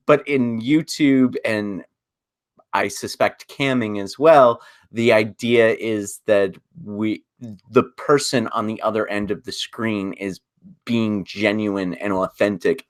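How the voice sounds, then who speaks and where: Low-voiced man hosting a podcast. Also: no echo, studio quality. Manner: thoughtful, searching for words mid-sentence. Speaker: podcast host. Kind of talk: analytical podcast discussion.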